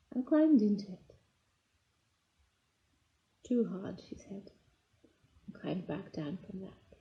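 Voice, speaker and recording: A woman reading a children's fairy tale aloud, slow and expressive, voicing the characters' lines. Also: medium pitch, muffled recording. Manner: slow, lively storytelling with voiced character lines. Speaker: storybook reader.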